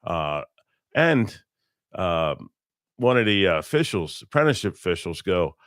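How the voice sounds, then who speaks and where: A man's voice: deep voice, sing-song, measured pace, a bit bright, dry recording, studio quality. A middle-aged man in a casual interview, telling blunt, rambling stories about his working life and often correcting himself mid-sentence. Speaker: interview guest, electrician. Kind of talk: casual storytelling.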